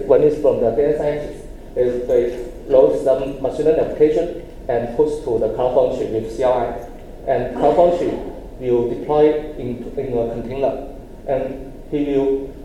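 A man presenting at a tech conference, with a very dark, mellow voice at a middle pitch. His delivery is halting and full of restarts as he walks through the steps of a demo. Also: poor audio. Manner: halting, with frequent restarts and plain phrasing; explaining step by step. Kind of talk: technical presentation with live demo.

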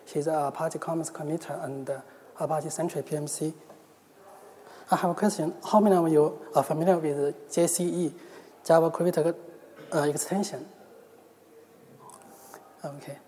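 A man from China, speaking English as a second language with a Chinese accent, giving a careful, measured technical talk at a conference. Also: a little high, fairly even intonation, warm tone, slight background noise. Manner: careful, measured delivery with small restarts. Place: large conference hall. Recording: long hall reverb.

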